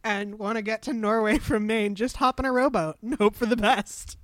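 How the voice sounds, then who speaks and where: A woman's voice: a little high, fairly even intonation, normal speed, no echo. Laughing woman telling a story. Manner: laughs often, tells stories. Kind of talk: casual chat.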